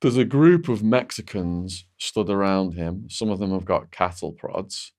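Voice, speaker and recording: Man, deep-ish voice, interview guest, vivid personal story, lots of "like" fillers. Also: a little slow, a little mellow. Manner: vivid storytelling, frequent "like" and restarts.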